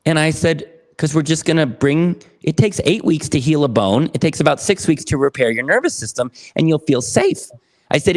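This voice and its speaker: A man guesting on a podcast, telling a client story with energetic enthusiasm and acting out the dialogue. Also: on the high side, normal speed. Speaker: podcast guest, therapy program founder. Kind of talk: animated storytelling.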